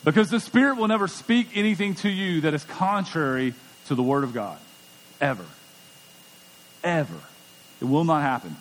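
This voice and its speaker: A man's voice: a little high, lively intonation, normal speed, pauses often, slight background noise. A middle-aged man preaching a sermon as pastor, conversational and emphatic, often repeating words as he goes. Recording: long church hall reverb.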